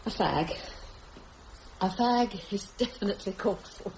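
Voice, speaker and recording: A woman's voice: mid-range voice, normal speed, a little mellow, a little hiss or hum, close to an everyday voice. An actress playing a nervous young mother alone at night, with a British accent, muttering to herself in a radio drama. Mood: jittery muttering. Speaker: radio play lead.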